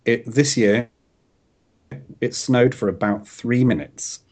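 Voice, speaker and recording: A man's voice: medium pitch, takes it slowly, darkish tone, slight background noise. A man hosting a casual podcast from home, joking about himself and laughing often as he chats with two friends. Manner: jokey, self-deprecating, laughs often. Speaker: podcast host. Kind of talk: casual chat.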